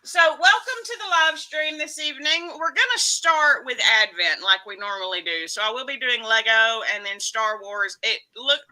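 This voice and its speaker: A woman's voice: a little high, lively intonation, moderate pace, hardly any pauses, sharp tone, low-quality recording. A woman with a Texan accent, chatting and teasing as the host of a live stream and greeting her viewers. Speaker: livestream host. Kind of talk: casual live-stream chat.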